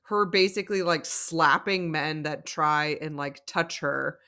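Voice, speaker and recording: A woman's voice: low voice, measured pace. A woman co-hosting a podcast, recapping reality TV in casual, chatty talk full of "like" and laughter. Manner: chatty, animated, lots of "like", laughs often. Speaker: podcast co-host.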